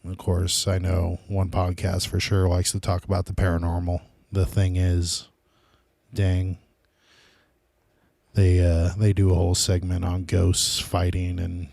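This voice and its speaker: Man, very low voice, dark mellow tone, dry close sound, rambling casual podcast host. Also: gravelly, dry recording. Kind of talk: casual solo podcast monologue.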